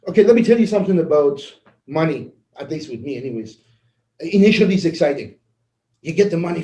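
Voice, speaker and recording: A man giving a casual motivational talk, animated and laughing as he acts out conversations. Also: a little high, roomy sound, poor audio. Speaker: network marketing leader.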